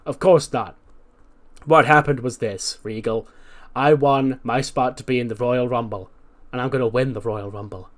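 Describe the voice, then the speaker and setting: A man voicing a brash, boastful veteran male wrestler, talking loud and cocky. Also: mid-range voice, fairly even intonation, moderate pace, close to an everyday voice. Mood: dismissive.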